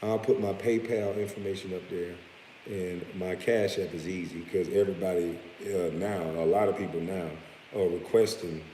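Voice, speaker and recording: A very low-voiced man holds forth in a blunt, profane rant, breaking off now and then to chuckle at his own lines. His voice carries a long room reverb, with a faint hiss underneath. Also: fairly even intonation, moderate pace, warm tone. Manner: blunt and profane, with laughing asides. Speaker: vlogger. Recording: roomy echo with faint hiss.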